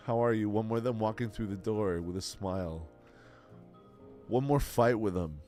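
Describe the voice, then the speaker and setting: Streamer, male, low voice, earnest and emotional, swears a lot, faint background music. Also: dark tone. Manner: earnest, swears freely, repeats himself. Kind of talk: heartfelt advice to a live chat.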